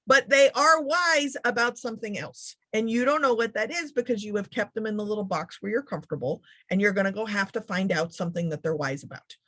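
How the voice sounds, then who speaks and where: A woman giving a motivational keynote talk, speaking in a sarcastic, funny, animated way. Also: medium pitch.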